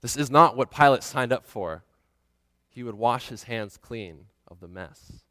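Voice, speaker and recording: A man retelling a scripture story dramatically, swinging from hushed passages to loud ones. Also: medium pitch, expressive, unhurried, no echo, long reverb tail.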